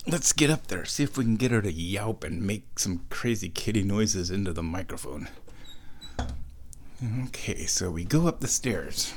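A podcast host records a casual solo show at home, walking around the house in a chatty, playful mood and talking to his cat in a sing-song baby voice. His voice is on the low side, expressive, at normal speed, with slight background noise.

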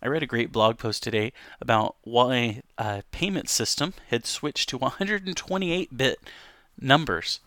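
A man's voice: medium pitch, a little slow, pushed and bright, no echo, clean studio sound. A man casually reading news stories aloud on a livestream, with frequent ums, self-corrections and asides to chat. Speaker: livestream host.

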